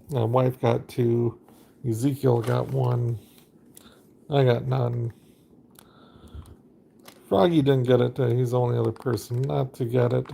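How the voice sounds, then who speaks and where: A man's voice: mid-range voice, creaky, mellow, slight background noise. A man casually narrating his game during a live stream, rambling and chatty with lots of fillers.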